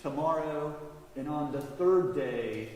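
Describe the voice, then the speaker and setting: A man's voice: fairly high pitch, takes it slowly, darkish tone, a little hiss or hum. A man voicing Jesus as a lamenting teacher, quoted solemnly during a sermon in an echoey church hall.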